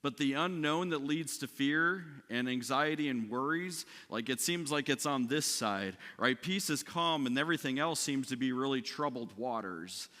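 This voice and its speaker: A man's voice: medium pitch, expressive, normal speed, hardly any pauses, sharp tone, big-room sound. A man preaching a sermon as pastor in a conversational way, often asking "right?" and restarting his sentences. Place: church sanctuary.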